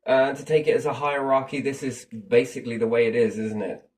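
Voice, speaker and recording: A man's voice: medium pitch, steady tone, brisk, a little mellow. A man rambles through his strong opinions in casual conversation, swearing now and then and restarting his sentences. His voice sits in a middle register and sounds a bit distant from the mic. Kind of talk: casual chat.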